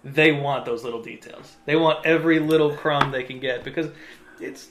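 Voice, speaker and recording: A man hosting a podcast interview, talking in a relaxed, encouraging, conversational way. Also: fairly high pitch, moderate pace, noisy background. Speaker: podcast host. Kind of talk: casual interview chat. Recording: roomy echo.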